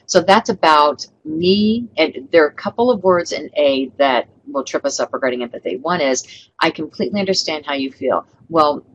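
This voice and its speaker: Webinar trainer, woman, middle-aged, low voice, upbeat coaching delivery with faint background hiss. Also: fairly quick, low-quality recording. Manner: upbeat coaching tone, acts out sample customer lines.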